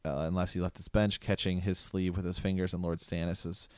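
A man's voice: deep voice, little pitch movement, fairly quick, darkish tone, smooth, no echo, studio quality. A man in casual conversation about a book, reading passages aloud and reacting with enthusiasm. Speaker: podcast co-host discussing a book.

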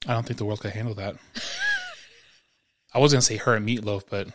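A man's voice: medium pitch, wildly swooping pitch, moderate pace, fairly bright tone. Rambling man chatting on a podcast. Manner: rambling storyteller with frequent restarts and throat clearing. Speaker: podcast co-host. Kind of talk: casual chat. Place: home.

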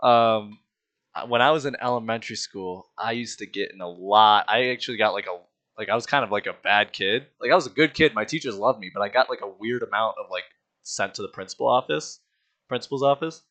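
A man's voice: lowish voice, a little fast, fairly bright tone. Laughing young man telling stories. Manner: laughs often, acts out voices in his stories. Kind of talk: casual storytelling chat.

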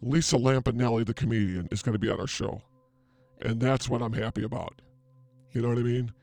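A man's voice: mid-range voice, steady tone, a little fast, gravelly, darkish tone, natural voice. A man playing a blustering psychic healer. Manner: over-the-top, theatrical, blustering. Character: brash self-declared male psychic healer. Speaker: comedy podcast host playing a psychic. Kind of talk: improvised comedy bit.

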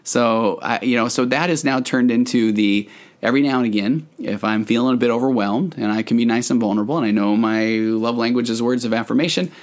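A man's voice: medium pitch, brisk. A man in his forties, a marriage therapist hosting a casual podcast, telling stories in a chatty way with many fillers.

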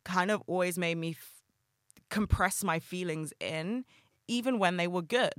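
A woman's voice: on the low side, measured pace, fairly bright tone, no echo, clean studio sound. A woman hosting a solo podcast, talking candidly and emotionally, swearing often. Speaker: podcast host.

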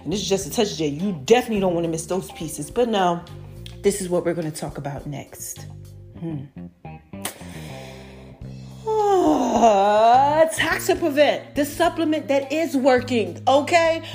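A woman hosting her own podcast, giving a casual, lively update to her followers and calling them y'all and baby. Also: mid-range voice, a little fast, soft background music. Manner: lively, chatty, calls listeners y'all and baby. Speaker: podcast host.

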